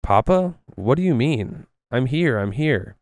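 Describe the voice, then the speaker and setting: A man's voice: mid-range voice, expressive, normal speed, a little mellow, clean tone, no echo, close to an everyday voice. A man voicing a frightened eight-year-old boy with an odd foreign accent who pleads and clings. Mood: pleading.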